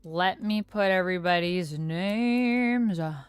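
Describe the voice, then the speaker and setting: A young woman with a lowish, clear and resonant voice speaks slowly on her live stream, chatting casually with viewers. She's animated, her voice leaping up on surprised questions. The studio-quality sound has no echo, with faint lo-fi music in the background.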